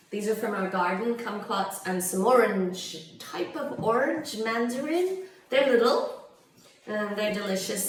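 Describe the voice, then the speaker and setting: A woman's voice: medium pitch, a little hiss or hum. Chatty Canadian woman in an echoey kitchen. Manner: chatty, digressive, laughs often. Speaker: home cook. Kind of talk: chatty cooking vlog. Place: home kitchen. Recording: very echoey room, mic far off.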